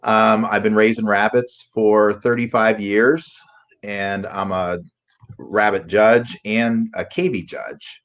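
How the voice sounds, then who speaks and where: Low-voiced man, relaxed and unhurried. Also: highs cut off. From Pennsylvania, USA. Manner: relaxed, many ums and uhs. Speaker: guest, rabbit breeder and judge. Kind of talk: casual interview.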